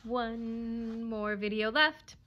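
A woman librarian reading a chapter book aloud expressively, hushing her voice at sad moments. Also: fairly high pitch, drawn-out words, slight background noise.

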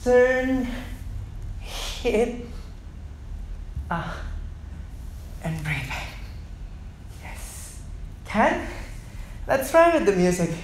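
A man leading an online dance class, counting beats and calling out moves with sounds like boom and ta, switching between Indonesian and English. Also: huge pitch swings, very slow, long pauses, background noise. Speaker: dance teacher. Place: echoey dance studio. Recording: echoey studio room.

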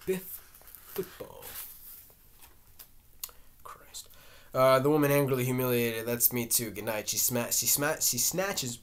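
A man reading a stage play aloud, voicing every part himself and reading out the stage directions, with some halting restarts. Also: medium pitch. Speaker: reader. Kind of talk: amateur reading of a play, all parts.

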